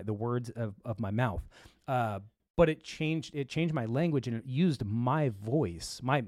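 A man's voice: mid-range voice, a little mellow, no echo, clean studio sound. A man hosting a tech show in casual chat, rambling along with lots of fillers and restarts.

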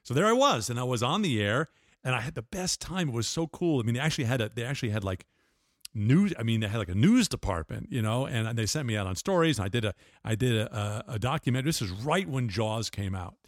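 In a casual storytelling interview, an older guest tells meandering stories full of restarts and laughter. He talks quickly with lively intonation at a medium pitch. The studio sound is clean, without room sound.

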